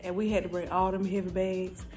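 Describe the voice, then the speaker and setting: A woman's voice: fairly low pitch, flat delivery, fairly quick, dark tone, faint music behind. A woman from North Carolina chatting casually with her viewers in a vlog, laid-back and full of slang. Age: adult mother. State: out of breath and tired. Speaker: vlogger.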